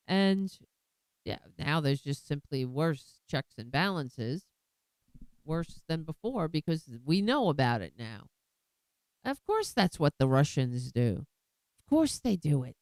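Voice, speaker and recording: A woman's voice: fairly low pitch, smooth, dry recording, poor audio. A woman hosting her own political commentary show, talking bluntly and with indignation, often restarting her sentences.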